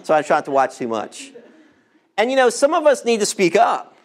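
Pastor in his fifties, tenor-high voice, impassioned sermon delivery with sudden hushed moments. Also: very animated, a little fast. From United States. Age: 50s. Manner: impassioned preaching, rhetorical questions, drops to near whispers on key words.

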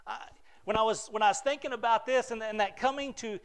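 A middle-aged male pastor with a high, light voice delivers a heartfelt sermon. He speaks earnestly, stumbling and repeating words as he goes, and his voice sinks soft and low before swelling back up. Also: fast talker, smooth. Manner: earnest, repeats words, drops to soft near-whispers then rises.

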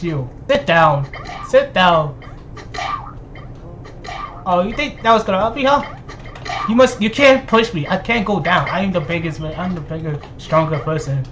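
A man hosting his gaming channel, giving excited gameplay commentary full of laughter and teasing trash talk. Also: high-pitched, slight background noise.

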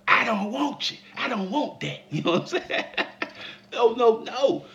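A man giving a comedic commentary vlog, laughing and breaking into mock shouts. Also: very high voice, very animated, measured pace, creaky. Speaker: vlogger.

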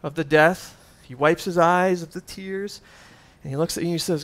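A pastor preaching with a voice pitched a little above most men's. He builds to loud, emphatic peaks, then drops into casual, conversational asides. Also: fairly even intonation, normal speed. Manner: conversational asides with fillers and chuckles. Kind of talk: sermon.

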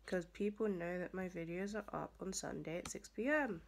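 Gravelly-voiced young woman vlogging. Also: fairly low pitch, moderate pace, a little hiss or hum. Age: young adult. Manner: chatty, rambling with many fillers. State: hoarse morning voice. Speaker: student vlogger. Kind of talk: casual vlog talk to camera.

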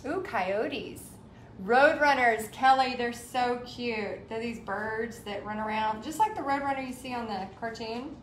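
A woman in her forties speaks with a fairly high voice, chatting away while she hosts a live art stream and reads out viewer comments. Her voice carries a roomy echo, with a faint hum of room noise underneath. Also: a little slow. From Texas. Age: 40s. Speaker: art livestream host. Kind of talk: casual live craft demo chat. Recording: roomy livestream sound.

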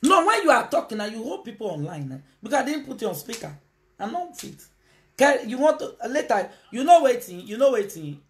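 Animated Nigerian woman on a phone live stream. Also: a little high, brisk. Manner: animated, switches into Pidgin, calls out to viewers. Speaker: live video host. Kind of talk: casual live-stream talk.

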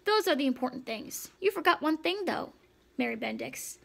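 A woman's voice: high-pitched, lively intonation, gravelly, a bit bright, heavily acted. Stuart, a woman doing a bossy little mouse teacher. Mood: lecturing. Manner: brisk, commanding, dismissive. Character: tiny dapper male mouse, brisk and bossy.

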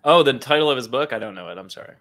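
A man's voice: mid-range voice, racing. A man co-hosting a podcast in casual chat, joking and teasing the others. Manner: joking, teasing, with a very lively melody. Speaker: podcast co-host.

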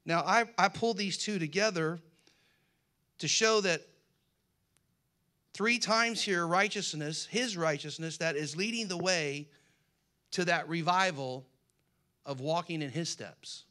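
A man leads a sermon, his voice bright and set a little high. He reads scripture with swelling emphasis and breaks off into homespun jokes and plain talk with his flock. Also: takes it slowly, pauses often. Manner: reads scripture aloud with rising emphasis, folksy asides and jokes. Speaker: pastor.

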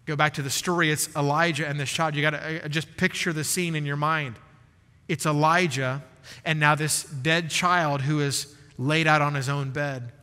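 A male pastor preaching a sermon in an earnest, emphatic way with dramatic pauses. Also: fairly high pitch, fairly even intonation, sharp tone. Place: large church sanctuary. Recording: church hall reverb.

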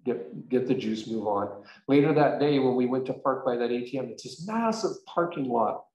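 Guy pastor chatting thru a sermon, mid-pitch voice, lots of echo, gets worked up at times. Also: moderate pace. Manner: conversational storytelling, animated and emphatic. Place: church sanctuary. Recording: echoey church room.

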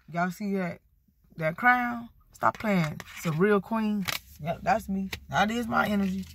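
A woman giving a casual tarot card reading, sassy and animated, talking straight to her viewers. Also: fairly low pitch, moderate pace. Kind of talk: casual spiritual reading vlog.

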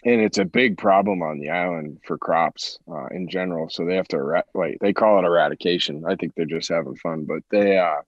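Man, podcast guest, low voice, rambling, restarts, dry close mic. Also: lively intonation, brisk, vocal fry, few pauses, no echo, dull audio. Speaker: sports agent. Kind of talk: casual podcast chat.

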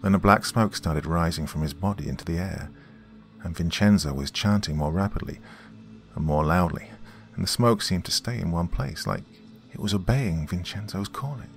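Gravelly man narrating horror. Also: deep voice, moderate pace, faint music behind.

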